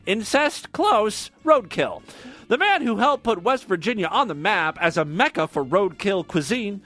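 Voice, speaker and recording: A man's voice: high-pitched, fairly bright tone. A man hosting a comedy podcast, reading odd news stories aloud with sarcastic, mocking asides. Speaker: podcast host.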